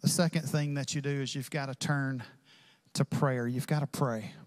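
A man's voice: medium pitch, fairly even intonation, normal speed, in a large hall. A man preaching a sermon as pastor, impassioned and acting out prayers and quotes.

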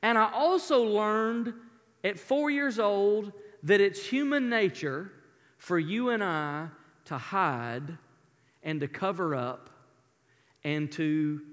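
Male preacher, high voice, animated storyteller, long hall reverb. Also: slow pace. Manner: animated storyteller, folksy asides. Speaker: pastor. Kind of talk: sermon with personal storytelling.

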